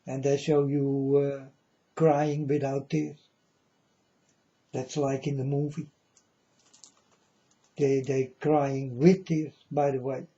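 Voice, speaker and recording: A man's voice: medium pitch, level tone, slow pace, pauses often, dark tone, muffled recording. A man talking straight to his viewers in a rambling, earnest monologue, calling them folks and insisting he is serious.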